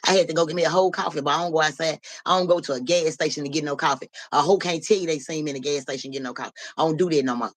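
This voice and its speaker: A woman hosting a live stream, telling a street story in a casual, slangy, profane way. She keeps asking "you know what I'm saying" and jumps high and loud when she acts out voices. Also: racing, hardly any pauses, no echo.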